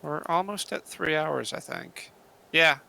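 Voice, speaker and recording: A man's voice: fairly high pitch, expressive, a little slow, vocal fry, sharp tone, rough recording. A man co-hosting a casual gaming stream, chatty and self-deprecating, often laughing at himself. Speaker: co-host.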